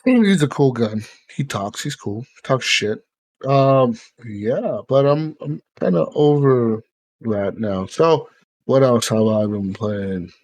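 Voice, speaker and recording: A man's voice: medium pitch, animated, slow, a little mellow, dry recording. Rambling, swearing male podcast host. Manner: rambling, swears, many fillers. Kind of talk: casual chat.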